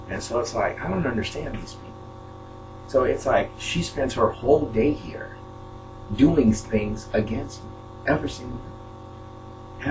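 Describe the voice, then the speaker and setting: A man talking to his viewers from his apartment in a rambling casual monologue, often tagging his sentences with "right?". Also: medium pitch. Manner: rambling, tags statements with "right?". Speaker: video blogger. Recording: distant mic with loud hum.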